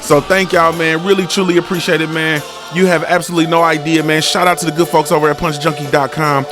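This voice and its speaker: Slangy man giving sing-song shout-outs. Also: fairly high pitch, level tone, fast, music in the background. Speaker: livestream host. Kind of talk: casual livestream chat.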